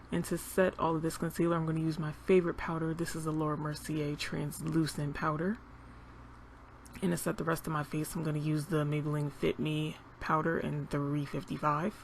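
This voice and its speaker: A woman's voice: low-pitched, slight background noise. Young woman chatting through her makeup. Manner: chatty, relaxed, talks while applying makeup. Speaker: beauty vlogger. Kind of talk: casual makeup tutorial narration.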